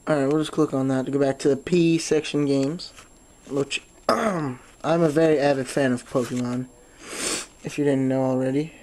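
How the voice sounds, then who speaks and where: Man hosting a casual phone how-to, mellow voice, stuffy nose, loose and rambling with fillers. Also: medium pitch, fairly even intonation, moderate pace, a little hiss or hum. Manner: rambling, lots of "um", swears when frustrated. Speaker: tutorial host. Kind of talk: casual screen-recorded phone tutorial.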